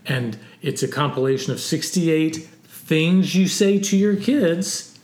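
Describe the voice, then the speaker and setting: A man co-hosting a Christian parenting podcast, giving gentle, practical encouragement to parents. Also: a little high, takes it slowly. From United States. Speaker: co-host. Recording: roomy echo.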